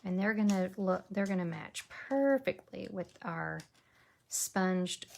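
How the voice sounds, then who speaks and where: A gravelly-voiced woman talks slowly through a papercraft demo, thinking aloud as she works. A faint hiss sits under the recording. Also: mid-range voice, expressive, darkish tone. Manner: chatty, thinks aloud while working, drops to a whisper while concentrating. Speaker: papercraft demonstrator. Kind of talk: casual crafting tutorial.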